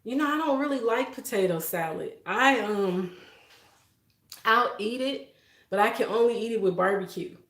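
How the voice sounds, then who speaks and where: Chatting with her viewers on a live stream, a woman speaks from her spacious kitchen at a moderate pace in a higher voice. She's emotional yet soft-spoken, and laughter comes often.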